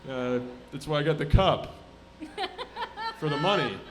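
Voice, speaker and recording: Young guy doing stand-up in a club, deadpan mumbly asides, then yelling out bits, kinda high voice. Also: a little slow. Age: 20s. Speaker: stand-up comedian. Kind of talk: live stand-up set. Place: comedy club stage.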